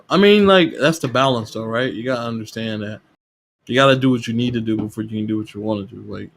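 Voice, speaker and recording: A man appearing as a guest on a gaming podcast goes on a heated rant in casual chat, swearing often as his pitch rises.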